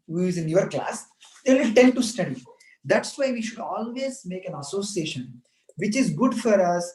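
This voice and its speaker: A man's voice: high-pitched, darkish tone. A man giving an earnest motivational talk to students, repeating points and asking rhetorical questions. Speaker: motivational speaker. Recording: echoey room.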